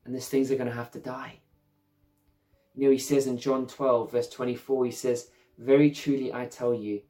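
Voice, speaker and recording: A man's voice: mid-range voice, dark tone. A middle-aged man preaching an earnest, conversational sermon as a pastor, often saying "you know".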